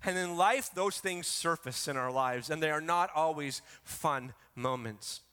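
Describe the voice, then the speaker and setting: Bright high-voiced preaching man. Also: a little slow, smooth. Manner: emphatic preaching, swings between soft and loud. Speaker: pastor. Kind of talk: sermon. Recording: reverberant hall.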